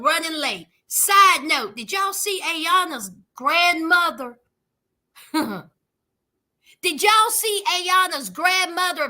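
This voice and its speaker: High-voiced sassy woman recapping TV. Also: sharp tone. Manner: sassy, emphatic, talks straight to viewers. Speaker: reality TV recap host. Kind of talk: casual recap commentary.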